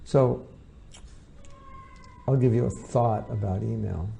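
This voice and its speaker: A man's voice: lowish voice, takes it slowly, gravelly, warm tone, slight background noise. A man giving an informal lecture to devotees as their spiritual teacher, talking conversationally and acting out the voices of people he quotes.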